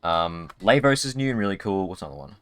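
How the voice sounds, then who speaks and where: A man's voice: sits low, animated, fast talker, clear, resonant tone, no echo, faint music behind. A man streaming a video game live, chatting casually in a rambling way with many restarts. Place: home streaming setup.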